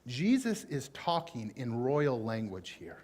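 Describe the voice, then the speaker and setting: A male pastor with a Southern US accent, preaching a conversational sermon in a folksy, informal way with animated emphasis. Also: mid-range voice, slow. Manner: folksy, informal, with frequent fillers.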